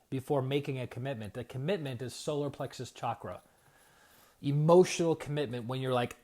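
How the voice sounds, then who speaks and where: Man giving an animated spiritual talk. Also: mid-range voice. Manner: conversational, repeats "right?" often. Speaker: spiritual coach and energy healer. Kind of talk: live-streamed motivational talk.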